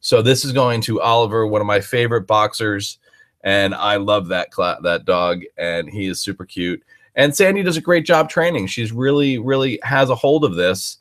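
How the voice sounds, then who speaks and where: A man's voice: fairly low pitch, lively intonation, normal speed, fairly bright tone. Chatty man hosting a casual live stream. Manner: chatty and encouraging, with frequent restarts. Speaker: dog trainer hosting a live chat.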